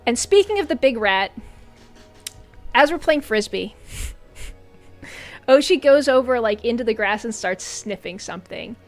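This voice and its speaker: Young female streamer, bright animated storyteller, high-ish voice over faint background music. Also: unhurried, pauses often. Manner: animated, laughs often, sudden high squeals and shouts. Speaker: VTuber streamer. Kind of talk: casual storytelling chat with viewers.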